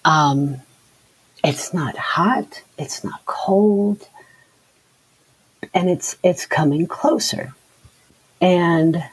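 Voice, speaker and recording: Very husky, slow-spoken woman. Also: on the low side, low-quality recording. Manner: halting and earnest, repeats words. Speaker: interview guest. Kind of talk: personal testimony in conversation.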